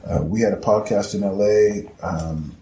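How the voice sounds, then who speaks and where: A man guest telling his story in casual, rambling talk, swearing freely and acting out quotes with sudden jumps in pitch. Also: normal speed, dark tone. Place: historic house indoors. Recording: echoey room, faint noise.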